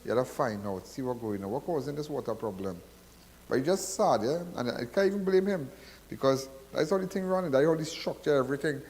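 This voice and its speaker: A man's voice: medium pitch, lively intonation, brisk, darkish tone, in a large hall. A man with a Trinidadian accent hosting a call-in show, talking in a rambling, repetitive, preachy way. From Trinidad and Tobago. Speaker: radio call-in show host. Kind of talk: casual call-in talk.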